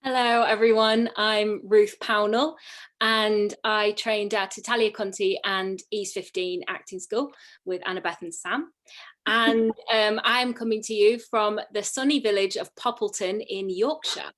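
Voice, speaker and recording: A woman's voice: mid-range voice, steady tone, measured pace, a bit bright. A young woman in her twenties introducing herself cheerfully on a video call. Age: 20s. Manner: cheerful, friendly. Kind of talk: casual chat.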